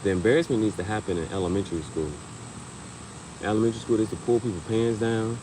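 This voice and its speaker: Lower-voiced man telling animated, joking stories. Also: quick pace, noisy background. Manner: animated storytelling, laughs often, leaps into high-pitched acted quotes. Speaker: podcast host. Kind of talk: casual comedic chat.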